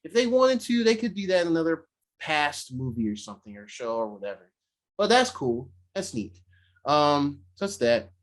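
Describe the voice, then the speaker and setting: A man co-hosting a podcast, casually recapping an episode and acting out the characters' lines in quick voices. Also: on the high side. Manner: animated retelling, slipping into quick voices for the characters. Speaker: podcast co-host. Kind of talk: casual chat recapping a show.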